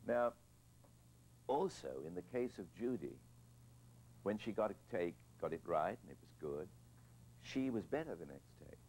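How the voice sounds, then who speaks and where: A man's voice: deep voice, lively intonation, moderate pace, long pauses, darkish tone, a little hiss or hum, low-quality recording. An older man, a film director being interviewed, telling reflective anecdotes with hesitant restarts and repeated words.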